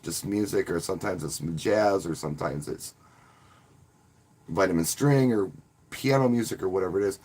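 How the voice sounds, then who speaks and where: A wedding DJ who also hosts a channel chats casually with viewers on a live stream. His voice is lowish and a little mellow with a breathy edge, and he rambles in a friendly way, often restarting his words.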